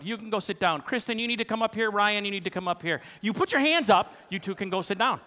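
A man's voice: high-pitched, sing-song, fast talker, few pauses, sharp tone. A man preaching as a pastor, playfully self-deprecating as he coaxes the congregation into a sung round. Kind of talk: sermon with congregational song leading. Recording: long reverb of a large hall.

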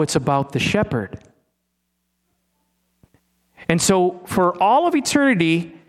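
A high-pitched middle-aged pastor preaches a sermon as if chatting, frequently restarting and addressing questions to the congregation.

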